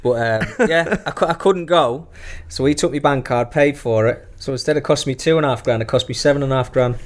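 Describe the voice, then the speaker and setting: Swearing freely and laughing as he goes, a middle-aged ex-footballer swaps stories in casual conversation. His voice is mid-range and his speech is fast.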